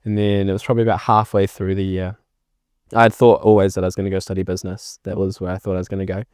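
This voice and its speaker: A young man with a New Zealand accent talks through his story as a podcast guest, voicing past conversations with lively emphasis. His voice sits fairly low, and the sound is dry and close. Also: quick pace, clean tone, no echo. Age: young adult. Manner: animated storyteller acting out remembered exchanges. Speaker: filmmaker guest. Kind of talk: casual podcast interview.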